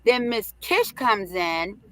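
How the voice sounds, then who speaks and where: A middle-aged woman co-hosting a live talk show, telling stories in a brash, profane, animated way and acting out the quotes. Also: medium pitch, slow, no room sound. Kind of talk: casual storytelling chat.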